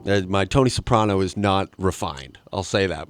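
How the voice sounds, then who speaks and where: A man's voice: deep voice, moderate pace, faint music behind. A man hosting a podcast, rambling through a comic solo monologue with crude asides and jumping into acted voices for the people he quotes. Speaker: podcast host.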